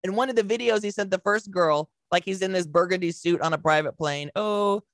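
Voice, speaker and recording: A woman co-hosting a podcast, retelling a story with lively acted-out quotes and casual swearing. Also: on the low side, brisk, no room sound. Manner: animated storyteller acting out quotes, swears freely. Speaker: podcast co-host. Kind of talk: casual chat.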